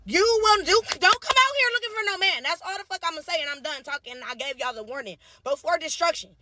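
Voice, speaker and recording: Brash high-voiced woman ranting. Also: expressive, quick pace, background noise. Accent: Los Angeles. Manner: brash, profane, emphatic. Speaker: tiktok creator. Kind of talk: blunt dating rant.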